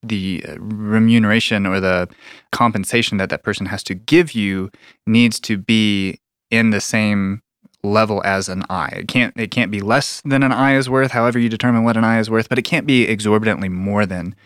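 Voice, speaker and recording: A man's voice: on the low side, steady tone, moderate pace, fairly bright tone, clean tone, no room sound, clean studio sound. A man earnestly explaining theology in a conversational discussion, often restarting his sentences.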